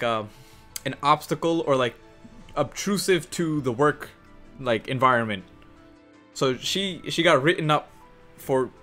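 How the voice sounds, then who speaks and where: A young man casually telling a work story for his gaming channel, animated and cursing, acting out the other people in shifting voices. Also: a little high. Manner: animated, swears, acts out quotes in shifting voices. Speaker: gaming youtuber. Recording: faint music underneath.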